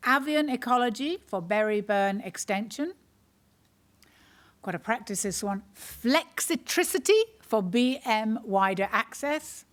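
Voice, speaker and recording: A woman comedian with a slightly high-pitched voice hosts an online awards ceremony. She tells dry, self-mocking stories, then shifts into announcing categories and nominees. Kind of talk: stand-up anecdote and award hosting.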